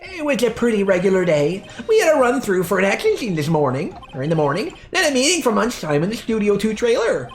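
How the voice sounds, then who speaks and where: A woman's voice: medium pitch, big pitch swings, fairly quick, soft background music, pitched above the performer's own voice. A woman voicing a lazy, slangy middle-aged male TV director, in a drawling voice for a voice-acted game playthrough. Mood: bored. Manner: drawled, full of internet slang. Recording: echoey room.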